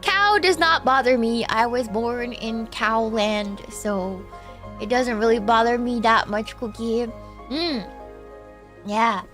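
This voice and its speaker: A woman's voice: fairly high pitch, slow, fairly bright tone, soft background music. A woman from Texas who streams, chatting casually with viewers, thanking donors and breaking into song.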